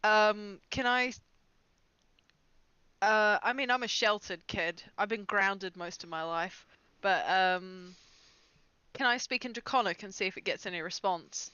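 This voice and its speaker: A woman player in a tabletop game chats casually, stopping to restart her sentences and swearing now and then. Her voice is bright and smooth, and it sounds dry and a little dull through her mic. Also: mid-range voice, measured pace, no echo. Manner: hesitant restarts, swears freely.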